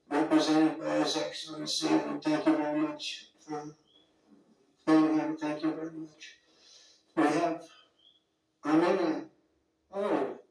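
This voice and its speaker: At a summit, a man greets the leaders in an off-the-cuff speech that rambles and wanders into folksy asides. His voice is fairly high, creaky and darkish in tone. Picked up by a distant mic in a very echoey hall, the recording carries faint music underneath.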